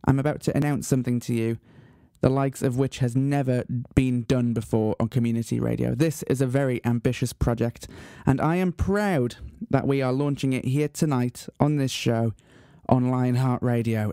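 Male community radio host, deadpan mock-grand delivery, mellow tone, light music bed. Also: mid-range voice, moderate pace, clear, resonant tone, no echo, clean studio sound. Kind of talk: radio show presenting. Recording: faint music bed behind.

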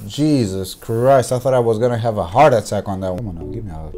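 A young man giving gameplay commentary, full of loud, exasperated reactions and constant swearing. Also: on the low side, quick pace, hardly any pauses. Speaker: gaming YouTuber. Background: background music.

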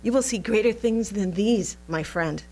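A gentle male teacher who speaks with quiet, knowing kindness. His tone stays soft and friendly, as a woman voices him during a Bible lesson. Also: mid-range voice, normal speed, close to an everyday voice.

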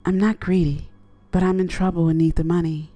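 A desperate woman accomplice who mutters her words quietly, voiced in a dark, low register by a woman narrator. It has the feel of a told horror story. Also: little pitch movement, fairly quick, dry recording, close to an everyday voice. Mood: sad.

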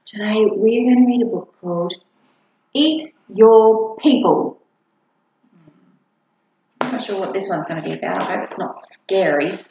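Woman reading a kids' book, slow and very expressive, echoey room, muffled lo-fi sound. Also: medium pitch, gravelly, a little hiss or hum. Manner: playful and animated, asks the listener questions. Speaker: storybook reader. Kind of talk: reading a picture book aloud for children.

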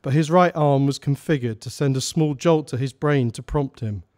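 A man reads a short story aloud at a live salon. His narration is steady and measured, at an ordinary middle pitch. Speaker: author reading a story.

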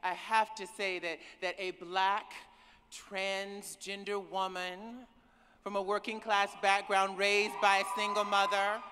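A woman's voice: medium pitch, level tone, takes it slowly, sharp tone, slight background noise. Woman giving an emotional keynote in a hall. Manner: emotional, emphatic, calls out to the crowd. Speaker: keynote speaker. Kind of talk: conference keynote speech. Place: large conference hall. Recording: reverberant hall with cheering crowd.

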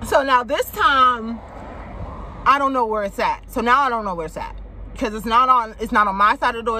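Young woman vlogger, high and bright, animated swearing storyteller, faint noise behind. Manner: animated, swears freely, shrieks when quoting her panic. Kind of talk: casual storytelling.

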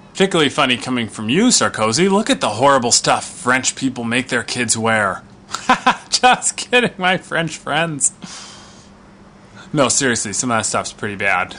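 A man's voice: medium pitch, pushed and bright, a little hiss or hum. A male comedian delivering a sarcastic, rambling comic monologue, with plenty of fillers.

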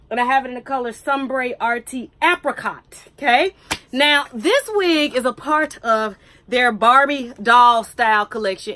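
A woman talks straight to her viewers in a wig review vlog. Her voice sits a little high, and she keeps things chatty, poking fun at herself as she goes. The sound is dry, with no room echo. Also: a bit bright. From United States. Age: 30s. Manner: chatty, joking and self-teasing. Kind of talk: casual chat to camera.

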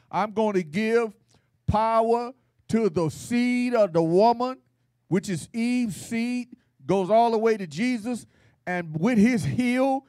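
High, lively-voiced pastor preaching slowly. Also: male voice, no echo, clean studio sound. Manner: folksy, playful, call-and-response preaching with laughter. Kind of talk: Bible study sermon.

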